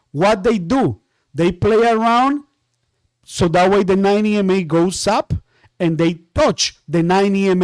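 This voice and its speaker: Give me an excitable man with a high voice, recorded dry and close, teaching trading and repeating himself. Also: no echo. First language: Spanish. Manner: excitable, repeats phrases over and over. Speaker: trading instructor. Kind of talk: live trading lesson.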